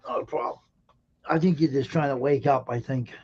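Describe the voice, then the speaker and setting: A man's voice: mid-range voice, steady tone, a little fast, darkish tone, husky. A man hosting a casual live stream, sleepy and yawning, grumbling about the weather. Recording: dull lo-fi stream audio.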